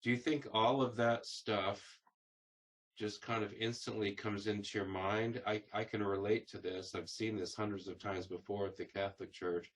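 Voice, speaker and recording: A man with a lowish voice conducts an oral history interview. He builds his questions slowly, pausing and restarting as he feels his way. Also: fairly even intonation. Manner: searching, hesitant questions.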